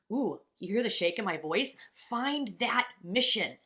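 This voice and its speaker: A woman's voice: mid-range voice, expressive, unhurried, hardly any pauses, a bit bright. A woman co-hosting a podcast as a coach, talking in a passionate, blunt and profane way. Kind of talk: casual motivational podcast chat.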